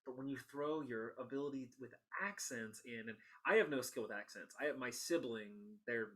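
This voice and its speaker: An enthusiastic man hosts a relaxed interview, chatting freely and laughing along with his guest. His voice sits at an ordinary middle pitch, and he speaks in long, meandering thoughts. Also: normal speed. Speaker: podcast host. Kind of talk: casual interview conversation.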